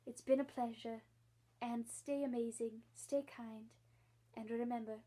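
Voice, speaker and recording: A woman librarian reading a children's book aloud and talking warmly to young listeners. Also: on the high side, measured pace, slightly rough, poor audio. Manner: warm, encouraging, expressive. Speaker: school librarian.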